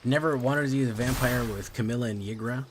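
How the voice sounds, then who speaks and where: A man's voice: medium pitch, a little fast, noisy background. A Latino man streaming a card game, chatting casually and switching between English and Spanish. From Latino family. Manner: loose and profane, with frequent "um" and "like".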